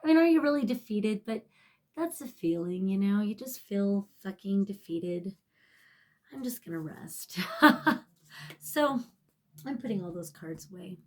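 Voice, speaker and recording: A woman giving a casual tarot reading to camera. She rambles, swears freely and is emotional, often sinking to a soft near-whisper. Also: mid-range voice, lively intonation, a little slow. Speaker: tarot reader.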